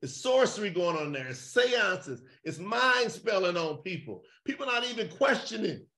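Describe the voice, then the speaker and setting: A man preaching fiery call-and-response over a video call, emphatic and shouting, firing rhetorical questions at his listeners. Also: high voice, very animated, moderate pace. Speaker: preacher leading an online gathering.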